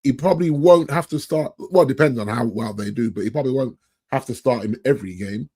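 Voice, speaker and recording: A man's voice: mid-range voice, fast, warm tone, breathy edge. A man talking as a guest on a casual football podcast, easygoing, often restarting his sentences.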